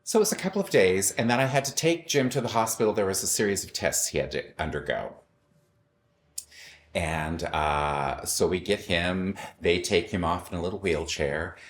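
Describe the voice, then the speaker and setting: A middle-aged man telling a personal story in a wry, animated way, acting out the voices of the people in it. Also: deep voice, normal speed, slight background noise. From Los Angeles.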